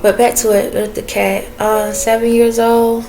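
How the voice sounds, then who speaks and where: A woman's voice: fairly high pitch, little pitch movement, vocal fry, warm tone, a little hiss or hum. Rambling woman in a casual spiritual vlog. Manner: rambling, pausing to listen, chatty with viewers. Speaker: spiritual reader.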